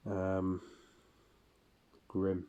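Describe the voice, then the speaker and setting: A man's voice: low voice, completely flat delivery, extremely slow, warm tone, clean tone, muffled recording. A man speaking a casual monologue for his audio log, rambling, profane and weary.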